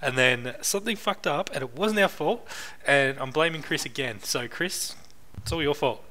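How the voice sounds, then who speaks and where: A man's voice: fairly high pitch, moderate pace, pushed and bright. A man hosting casual race commentary on a live stream, joking and laughing often with crude banter.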